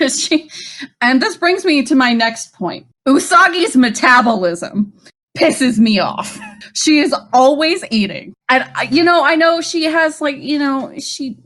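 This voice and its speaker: A woman's voice: high-pitched, expressive, measured pace, a bit bright. A woman co-hosting a casual podcast, recapping an episode with frequent laughs and swearing. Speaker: podcast co-host. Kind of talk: casual rewatch chat.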